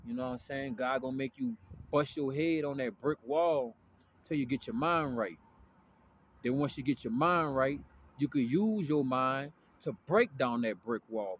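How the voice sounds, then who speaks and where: A man talks through a loose, profane spiritual rant in street slang, checking in with "you feel me" again and again. His voice sits mid-range, with faint noise in the background. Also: medium pitch. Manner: profane street slang, constant "you know what I'm saying". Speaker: spiritual vlogger. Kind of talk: casual spiritual rant to camera.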